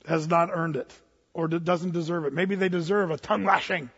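Man, pastor, sermon, storytelling, husky, long hall echo. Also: fairly high pitch, brisk, muffled recording. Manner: storytelling, animated, many restarts and fillers.

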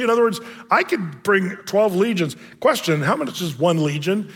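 A man's voice: high voice, lively intonation, normal speed, a bit bright, husky. A male pastor preaching a conversational sermon, chatty and story-driven, with plenty of fillers. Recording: long reverb of a large hall.

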